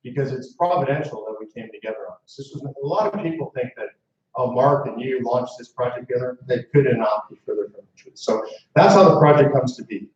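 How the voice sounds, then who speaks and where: A man's voice: medium pitch, fairly quick, darkish tone, recorded from a distance. A man giving a storytelling speech to a live audience as founder of a movement, speaking conversationally with asides to the crowd. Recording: echoey room mic heard from afar, muffled.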